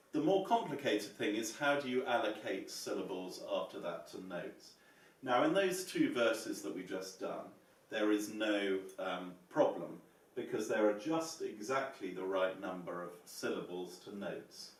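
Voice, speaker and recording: A choral music teacher gives a lesson on psalm chanting, explaining in a measured way, often adding "yeah?", and playing piano as he demonstrates. His voice sits on the low side yet sounds animated. The room is echoey and the mic distant, with piano audible.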